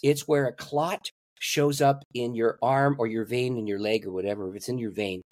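An older man, a pastor, telling a personal story in an interview and acting out the voices in it with big swings in pitch. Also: fairly even intonation, normal speed, a little mellow, no room sound. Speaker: pastor and guest.

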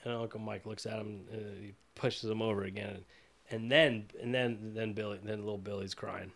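A man's voice: on the low side, fairly even intonation, moderate pace, creaky, fairly bright tone. A man hosting a podcast, telling a long digressive comic story full of profanity. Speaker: podcast host.

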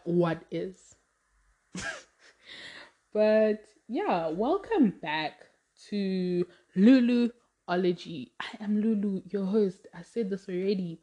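A woman's voice: lowish voice, a little mellow. Chatty woman podcast host. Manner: chatty, rambling, laughs often, says "like" a lot. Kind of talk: casual solo podcast chat.

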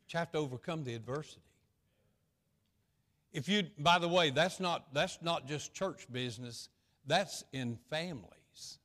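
A male pastor preaching a sermon in a folksy, repetitive way, swinging between loud stretches and hushed ones. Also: fairly high pitch, normal speed, in a large hall.

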